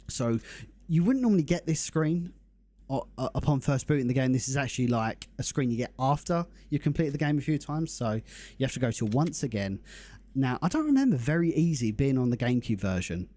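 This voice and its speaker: A young man hosts a game live stream. His voice is mellow and warm, at a middling pitch. He chats casually and upbeat, greeting his viewers by name. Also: big pitch swings, brisk, no echo. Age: young adult. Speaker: livestream host.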